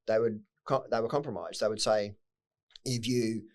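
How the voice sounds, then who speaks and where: A man's voice: fairly low pitch, fairly even intonation, moderate pace. A middle-aged Australian man telling his life story as a podcast guest, blunt and swearing freely, with emotion breaking through at times. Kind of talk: candid personal storytelling.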